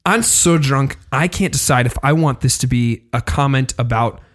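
A man playing a bearded drunk uncle applying for a job, with a deadpan, halting delivery. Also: medium pitch, lightly acted.

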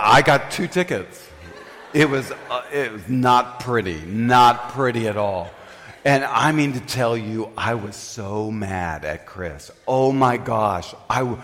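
Older man, preacher, lively swooping voice, laughing storyteller, long hall reverb. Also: medium pitch, slow pace. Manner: animated, laughing, self-mocking. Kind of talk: humorous sermon storytelling.

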